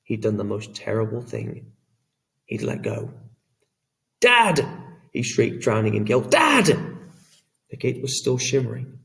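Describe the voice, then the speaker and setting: A man reading an audiobook in a measured, dramatic storytelling manner. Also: mid-range voice, gravelly, a little mellow, recorded from a distance. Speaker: audiobook narrator. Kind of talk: scripted narration.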